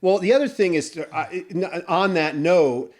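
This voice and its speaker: A man with a slightly high voice talks bluntly on a casual podcast. He swears often and circles back over his own sentences. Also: measured pace, a little mellow. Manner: blunt, profane, rambling. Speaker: podcast co-host. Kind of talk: casual chat.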